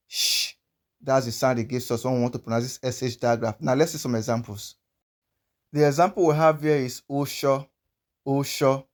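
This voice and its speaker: A man from Nigeria teaching pronunciation, patiently explaining and repeating example words over and over. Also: medium pitch. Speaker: language teacher.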